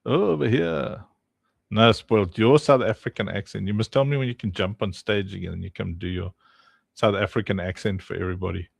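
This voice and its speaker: Chatty man with a gravelly voice. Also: lowish voice, brisk, no room sound, studio quality. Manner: chatty, teasing, laughs often, talks to chat by name. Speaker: streamer and game developer. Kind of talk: casual livestream chat while playtesting.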